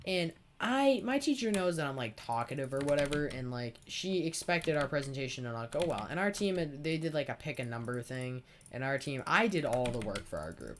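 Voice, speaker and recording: A man's voice: mid-range voice, very animated, a little fast, hardly any pauses, a little hiss or hum. A teenage boy hosting a gaming video, telling a rambling, sarcastic story full of swearing while he plays. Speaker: gaming channel host. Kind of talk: casual storytelling over gameplay.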